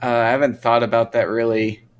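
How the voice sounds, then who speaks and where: A young American man guesting on a casual podcast chat, speaking hesitantly in halting bits. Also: medium pitch, flat delivery, muffled recording.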